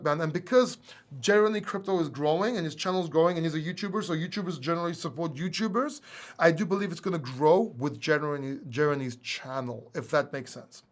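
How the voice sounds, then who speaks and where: A man hosting a casual livestream Q&A, with a slight Greek accent, reading viewer questions aloud and chatting back informally. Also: on the high side. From England. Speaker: livestream host.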